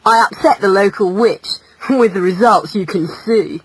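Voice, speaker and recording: A woman's voice: mid-range voice, unhurried, a little hiss or hum, natural voice, poor audio. A woman voicing a cheeky young man turned into a pig, talking breezily. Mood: breezy. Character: cheeky enchanted male pig, a youth.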